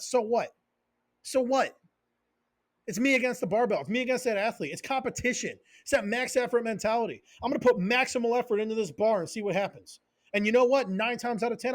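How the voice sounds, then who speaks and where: A man with a fairly high voice rants on a casual podcast as a strength coach. He swears freely, hammers short repeated phrases and drifts into tangents. The sound is dry and close, with no room around it. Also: dry recording. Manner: profane, fired-up, goes on tangents.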